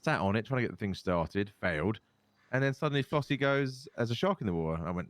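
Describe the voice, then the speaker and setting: A man's voice: fairly low pitch, lively intonation, fast, dry recording. A tired man rambling and swearing in casual in-character chat while roleplaying in an online crime game.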